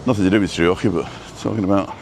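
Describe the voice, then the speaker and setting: A man live-streaming as he walks outdoors by the coast, chatty and rambling, a little out of breath from walking briskly. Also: deep voice, a little mellow, a little hiss or hum. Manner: chatty, rambling, greets viewers by name. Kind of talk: casual walk-and-talk live stream.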